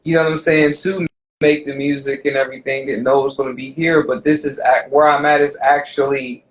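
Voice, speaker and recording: A man's voice: medium pitch, flat delivery, a little fast, lo-fi sound. A man co-hosting a podcast in casual chat, rambling and often restarting, with "you know what I mean" fillers. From USA. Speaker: podcast co-host.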